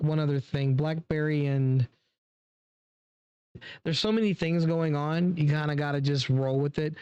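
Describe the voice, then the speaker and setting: Casual wine-tasting host, easygoing and talkative, mid-pitched voice, close and dry sound. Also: smooth, no echo, lo-fi sound. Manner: chatty and relaxed, many fillers, talks straight to viewers. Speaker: wine reviewer.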